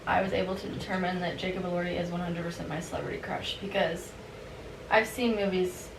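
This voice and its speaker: A woman's voice: fairly low pitch, steady tone, fairly quick. A woman guest in a casual podcast chat, candid and chatty, often saying "like.". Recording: echoey room, distant mic, hiss.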